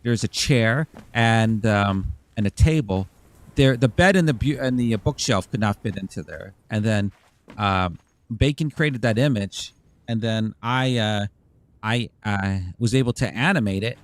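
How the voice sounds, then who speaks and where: A man's voice: fairly low pitch, measured pace. A man streaming a game as a VTuber, talking in a rambling, casual way and swearing freely. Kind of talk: casual gaming livestream chat.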